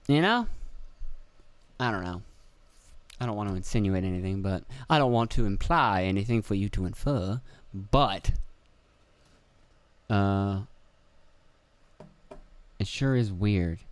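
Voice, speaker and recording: A man's voice: on the low side, animated, slow pace, pauses often, no echo. A young man hosting a podcast, rambling in a casual monologue, swearing freely and jokingly acting out other people's voices. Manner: swearing, jokey, acts out quoted voices. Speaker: podcast host.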